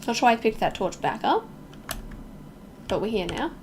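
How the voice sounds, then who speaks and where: A woman's voice: fairly high pitch, very animated, normal speed, darkish tone, a little hiss or hum. A young woman from Melbourne with an Australian accent, chatting casually with viewers while streaming a game, reacting aloud and joking at her own expense.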